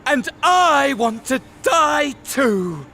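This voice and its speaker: An actor playing a raving nihilistic male villain who wishes death on everyone, with unhinged, gravelly shouting. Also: very high-pitched, very animated, drawn-out words, heavily acted.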